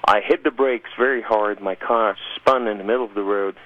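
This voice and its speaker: A man's voice: lowish voice, normal speed. A man earnestly telling his life story as a guest in a radio interview, heard over a tinny phone-like line. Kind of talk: personal testimony in a radio interview.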